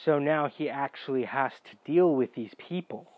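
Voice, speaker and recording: A man's voice: mid-range voice, moderate pace, no room sound. Young man, casual storytime rant, profane and exasperated, dull dry lo-fi sound. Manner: profane, exasperated, bursts into shouting.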